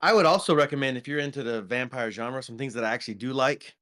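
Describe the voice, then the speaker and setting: A man's voice: medium pitch, fast, fairly bright tone. A man co-hosting a podcast, chatting casually about films with lots of ums and restarts. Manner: rambling, many ums and restarts. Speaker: podcast co-host. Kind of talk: casual movie review chat.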